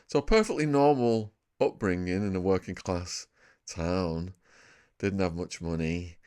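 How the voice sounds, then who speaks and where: A man in his fifties with a northern English accent and a somewhat low voice, spinning lively stories as a podcast guest. He tells his anecdotes loosely and often laughs at them himself. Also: a little slow, smooth. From England. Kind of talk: casual storytelling interview.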